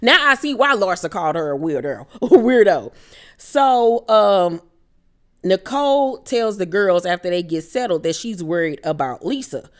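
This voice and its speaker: A woman hosting a casual reality TV recap, talking in an animated, gossipy and profane way, with bursts of mock outrage. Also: on the low side, fairly quick, hardly any pauses.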